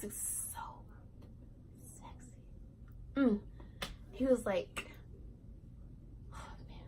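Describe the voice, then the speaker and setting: A woman's voice: mid-range voice, a little hiss or hum, poor audio. A teenage girl vlogger telling a casual storytime, rambling and giggly, full of "like" and "right". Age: teens.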